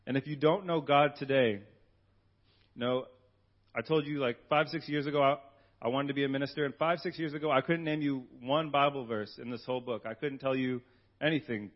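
A man's voice: medium pitch, fairly even intonation, brisk, highs cut off. A man speaking as a young church minister, giving an earnest talk and then a prayer that keeps calling on God.

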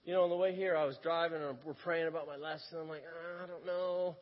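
A man preaching a sermon as an animated storyteller who often breaks into laughter. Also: on the high side, fast. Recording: echoey hall, dull lo-fi sound.

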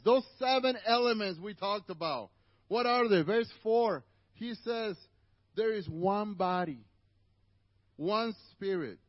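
A man's voice: high voice, no echo, dull audio. A man with a Spanish accent, native Spanish speaker, preaching a conversational sermon to a church congregation with asides to the listeners.

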